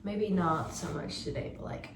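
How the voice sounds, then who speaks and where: A woman's voice: on the low side, expressive, normal speed, far from the mic, slight background noise. A young woman with a Geordie accent, hungover, chatting rambly to her phone camera while getting ready in her bathroom. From Newcastle, England. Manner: rambling, chatty, many fillers. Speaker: vlogger. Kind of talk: casual chat to camera. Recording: echoey room, voice off-mic.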